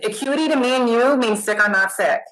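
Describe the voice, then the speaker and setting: A middle-aged woman, a nurse guest, chatting casually in an interview, animated and self-deprecating. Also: a little high, fairly quick, rough recording.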